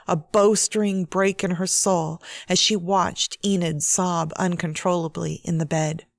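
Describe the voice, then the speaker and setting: A woman author reading her own novel aloud in a measured, steady audiobook narration. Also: lowish voice, no room sound, clean studio sound.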